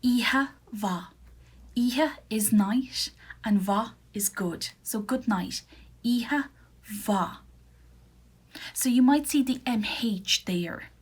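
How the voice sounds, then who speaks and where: A woman with an Irish accent teaching beginner Irish phrases, slowly repeating each one for learners at home. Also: a little high, darkish tone, slightly rough. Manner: slow careful repetition of phrases. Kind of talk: beginner Irish language lesson. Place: at home for an online video.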